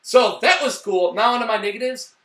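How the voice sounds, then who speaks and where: A man's voice: high-pitched, fairly quick, echoey room, far from the mic. Hoge, heldere man in een galmende kamer. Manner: animated, swearing, acts out lines in loud bursts. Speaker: movie reviewer. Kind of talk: casual review chat.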